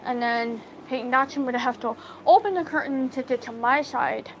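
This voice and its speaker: A woman telling a story casually to live viewers on her phone, halting, with many fillers and restarts. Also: high-pitched, slight background noise, poor audio. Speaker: livestream storyteller.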